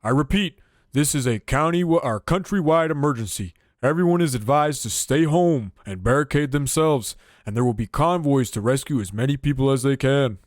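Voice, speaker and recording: A man's voice: medium pitch, normal speed, no room sound, clean studio sound, natural voice. A man putting on the voice of an urgent male TV news anchor, announcing in a formal broadcast manner.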